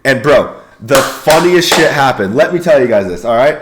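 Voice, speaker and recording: A young man telling a wild story in a slangy, profane, excitable way, often calling his listeners bro. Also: medium pitch, moderate pace, background noise. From United States. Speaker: YouTuber and Air Force veteran. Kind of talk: casual storytelling.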